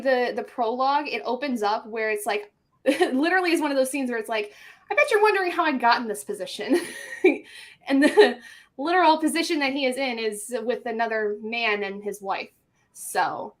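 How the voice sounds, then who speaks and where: A woman who narrates audiobooks chats casually over a video call. She rambles and giggles often, using lots of filler words, and her voice sits a little high. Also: normal speed. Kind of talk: casual chat on a group video stream.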